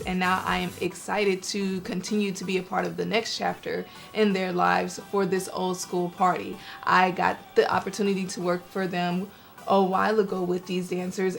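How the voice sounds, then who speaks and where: A woman choreographer speaks earnestly in a promo interview, with a gravelly, steady delivery. Her pitch stays flat, and faint music sits under her voice. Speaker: dancer and choreographer.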